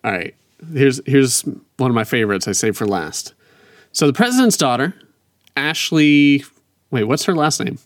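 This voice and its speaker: Man, lively gaming podcast co-host, dry close sound, trivia-happy. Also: mid-range voice, moderate pace, no echo. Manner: animated, sharing trivia facts. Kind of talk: casual gaming chat.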